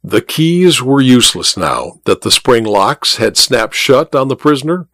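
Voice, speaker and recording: A man narrating an audiobook in a lively, expressive way. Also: mid-range voice, unhurried, no room sound, clean studio sound.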